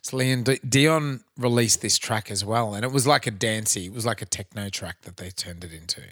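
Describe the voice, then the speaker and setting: A man's voice: lowish voice, a little fast, a bit bright, no echo, clean studio sound. An Australian man co-hosting a podcast in casual chat, rambling and swearing with lots of restarts. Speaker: podcast co-host.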